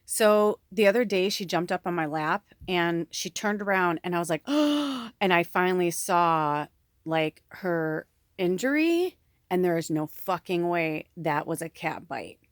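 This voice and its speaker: Chatty low-voiced woman vlogger. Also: expressive, measured pace, no room sound, studio quality. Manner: chatty, lots of fillers and laughs, swears freely. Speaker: spiritual medium vlogger. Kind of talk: casual rambling monologue to camera.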